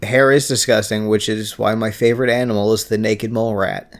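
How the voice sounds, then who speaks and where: A man's voice: lowish voice, steady tone, a little fast. Joking bearded man with dry one-liners. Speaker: podcast co-host. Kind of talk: casual chat recapping a TV episode.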